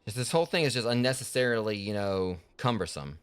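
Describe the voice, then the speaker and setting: Man live-streaming gameplay; rapid, somewhat low voice, frustrated but apologetic. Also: expressive, smooth. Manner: frustrated, apologetic, talks to chat. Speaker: game streamer. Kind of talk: casual live gameplay commentary.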